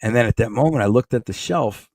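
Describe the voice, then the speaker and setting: A man's voice: mid-range voice, quick pace, darkish tone, dry recording, studio quality. A middle-aged man from Michigan with a Michigan accent, telling a rambling story in blunt, streetwise words as a podcast guest. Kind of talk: casual storytelling.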